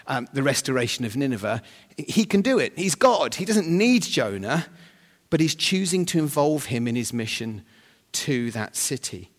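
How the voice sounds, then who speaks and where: A man preaching a sermon, humorous and animated, with sudden loud bursts of emphasis. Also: medium pitch. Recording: long hall reverb.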